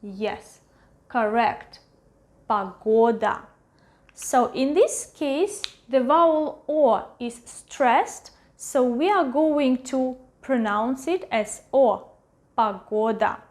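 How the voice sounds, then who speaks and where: Woman, Russian accent, language teacher, very slow and deliberate, slightly high voice. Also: animated, a little mellow. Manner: patient, repeats each word slowly three times. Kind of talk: pronunciation lesson.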